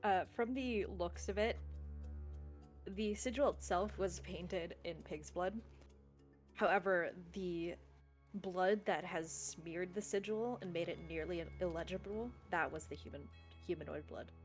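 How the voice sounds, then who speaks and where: A woman narrating as game master in a tabletop role-play, explaining calmly. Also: on the low side, measured pace, faint music behind.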